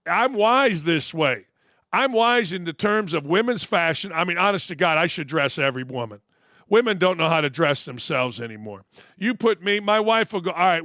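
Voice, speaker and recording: Sports talk host in his 60s, brash and rambling, high bright voice, dry studio sound. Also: dry recording.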